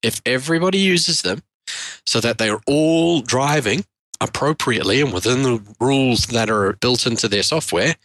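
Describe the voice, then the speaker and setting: A man's voice: medium pitch, lively intonation, moderate pace, fairly bright tone, dry recording. A man co-hosting a casual tech podcast, joking wryly and laughing often. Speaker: podcast co-host.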